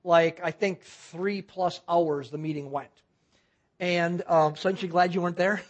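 Minister, sermon anecdote, earnest, mid pitch, restarts a lot. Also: fairly even intonation, lo-fi sound. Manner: earnest, halting with frequent restarts. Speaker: guest minister. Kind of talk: sermon storytelling.

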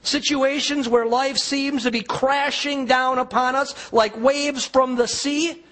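A man preaching a sermon, retelling a story vividly and dropping to a near hush on the quiet lines. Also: very high-pitched, fairly even intonation, slow pace. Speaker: pastor.

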